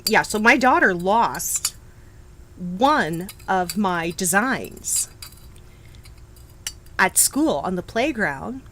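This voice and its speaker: Middle-aged woman streaming host, unhurried, expressive pitch, chatty with viewers. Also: a little hiss or hum, low-quality recording. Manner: chatty, reacts to chat, frequent restarts and laughs. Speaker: knitting designer and live-stream host. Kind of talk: casual live-stream chat.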